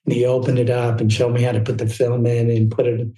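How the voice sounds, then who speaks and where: Candid storytelling man, mellow voice. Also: mid-range voice, monotone, fast talker, echoey room, rough recording. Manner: candid, rambling, filler-heavy storytelling. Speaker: podcast guest, photographer. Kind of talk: casual storytelling interview.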